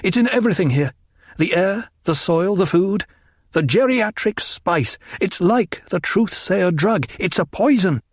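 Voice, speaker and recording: A man's voice: high-pitched, lively intonation, unhurried, no echo, studio quality, voice pushed up. A man voicing an anguished, bitter young heir. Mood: intense. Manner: bitter, intense, rising to frantic.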